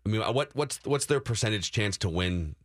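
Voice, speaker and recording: A man's voice: on the low side, expressive, normal speed, fairly bright tone. A male sports radio host talking in an upbeat, chatty way.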